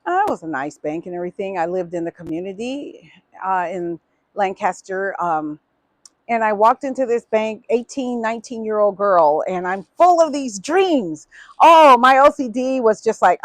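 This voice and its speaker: A woman's voice: a little high, animated, a little slow, dry recording. A woman in her fifties, hosting a small talk show and telling her own story earnestly, with many fillers and restarts. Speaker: host answering audience questions.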